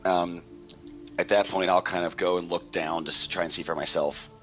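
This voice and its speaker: A man's voice: low voice, steady tone, normal speed, fairly bright tone, soft background music. A man playing in a tabletop game, speaking hesitantly with many "um" fillers over dull voice-chat audio. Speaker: player. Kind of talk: tabletop role-play chat.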